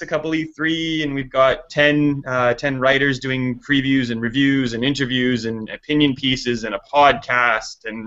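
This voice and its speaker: A man's voice: mid-range voice, fairly bright tone, highs cut off. A man from Canada, a guest on a talk show, chatting casually and self-deprecatingly with lots of fillers. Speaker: guest, gaming website founder. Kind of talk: casual chat.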